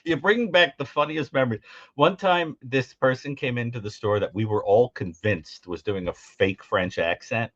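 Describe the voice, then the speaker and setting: A man's voice: mid-range voice, moderate pace, no echo, dull audio. A man co-hosting a call-in show, telling funny stories in casual chat and mimicking the people in them. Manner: animated storyteller, mimics voices, laughs often. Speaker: co-host.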